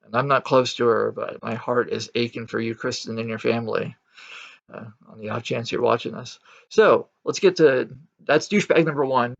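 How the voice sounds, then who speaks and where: A man's voice: mid-range voice, normal speed, vocal fry. A man talking in a casual, reflective vlog, rambling with many fillers and restarts and speaking bluntly. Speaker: Christian vlogger. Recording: dull lo-fi recording.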